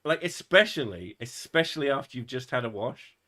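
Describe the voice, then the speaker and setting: A man with a bright, forceful voice, hosting a relaxed podcast chat. He tells stories with lots of swearing and animated asides, and his tone stays loose and conversational. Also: medium pitch, a little fast. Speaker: podcast host. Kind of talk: casual chat.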